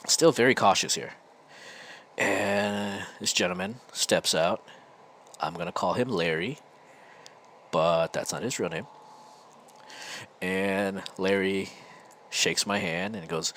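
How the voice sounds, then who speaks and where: A man's voice: deep voice, slow, long pauses, a bit bright, slight background noise. An American man hosting a podcast, telling a casual, rambling story full of restarts. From United States. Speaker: podcast host.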